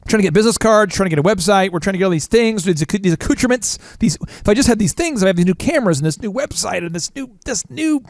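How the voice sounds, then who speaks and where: A middle-aged man with a fairly high voice tells stories on a podcast, animated and self-mocking, full of jokes at his own expense. The sound is dry and close, with no room around it. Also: very fast, few pauses, no echo. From Oklahoma. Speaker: podcast host. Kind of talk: casual chat.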